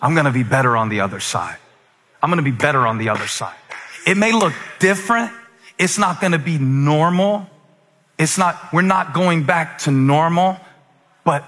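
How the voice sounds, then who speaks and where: Man, preacher, sermon, bright forceful voice, fairly high, passionate swings from loud to hushed, long hall reverb. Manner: impassioned, rising to near-shouts and dropping to hushed asides. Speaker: pastor.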